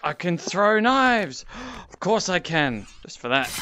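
A man giving excitable VR gameplay commentary, gasping and exclaiming as he plays into a headset mic. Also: high voice, a little slow, a little hiss or hum. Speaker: gaming YouTuber.

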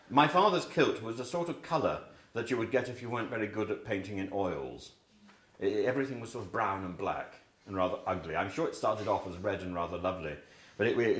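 A man's voice: medium pitch, fairly bright tone. A man from England teaching a class about books, rambling and chatty, with many fillers and restarts. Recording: echoey classroom.

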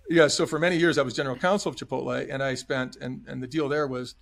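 A former restaurant chain executive, middle-aged, speaks on a podcast in a gravelly, fairly bright mid-range voice with fairly even intonation and a quick pace. He tells his story earnestly and emphatically, often performing what others said.

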